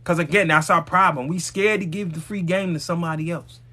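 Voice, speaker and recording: Male live-stream host with a high voice, emphatic motivational preacher, swears freely. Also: steady tone, fairly quick, pushed and bright. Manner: emphatic, preachy, blunt with profanity; addresses viewers directly.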